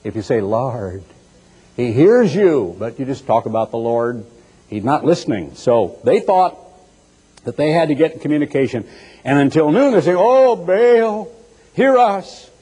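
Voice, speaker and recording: A man preaching a sermon in an animated, teasing way, acting out mocking voices as he goes. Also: mid-range voice, normal speed, slightly rough. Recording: echoey hall with long reverb.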